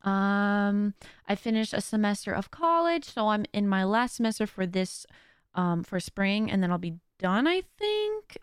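A woman's voice: medium pitch, sing-song, a little slow, clear, resonant tone, no echo, clean studio sound. A young adult woman hosting her own podcast in casual chat, talkative and rambling with joking asides. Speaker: podcast host.

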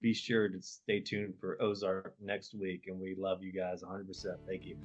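A man co-hosting a chatty podcast, his voice sitting on the low side. He rambles, restarts his sentences and swears without a second thought. The recording is dull and lo-fi. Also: completely flat delivery, normal speed, loud music behind the voice. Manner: loose and profane, rambling with restarts. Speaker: podcast co-host. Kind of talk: casual podcast chat.

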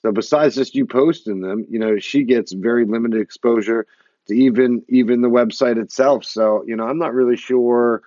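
A man co-hosting a podcast, speaking calmly and hesitantly with frequent pauses in casual chat. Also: medium pitch, no room sound. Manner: calm, hesitant, many uh fillers. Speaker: podcast co-host. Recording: dull lo-fi dry sound.

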